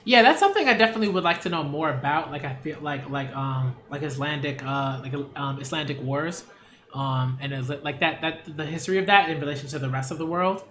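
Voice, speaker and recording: A man's voice: a little high, fast, a bit bright, reverberant. A man reviewing manga in a casual read-along, rambling with many fillers and restarts.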